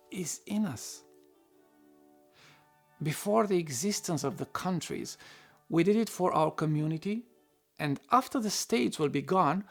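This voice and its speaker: Gravelly man narrating an essay. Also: fairly high pitch. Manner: reflective, occasional wry asides.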